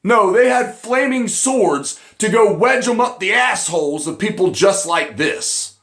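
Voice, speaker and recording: Guy with a high voice going off on a profane angry rant, yelling sometimes, echoey room. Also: lively intonation, unhurried. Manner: angry, profane, erupts into shouting. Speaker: commentator. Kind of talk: ranting online commentary.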